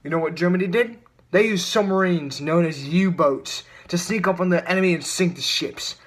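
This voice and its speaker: A man's voice: high-pitched, moderate pace. A teenage boy presenting a school project as a mock news report, putting on a British accent and rambling through playful asides. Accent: put-on British.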